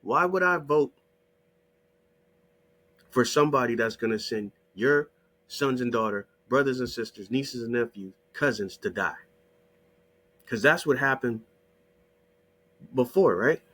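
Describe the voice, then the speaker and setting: A man giving profane, combative ranting commentary over a shared screen, hammering rhetorical questions and repeated demands in a husky voice. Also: mid-range voice, expressive, measured pace, long pauses, fairly bright tone. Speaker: online video creator.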